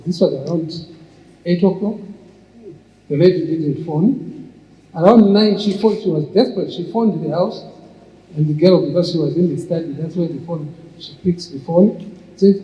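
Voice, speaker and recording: Telling long stories to an audience, an older man, an entrepreneur and speaker, keeps restarting as he goes. His voice is fairly high, a little slow, and he pauses often; the audio is muffled and echoey, as in a hall.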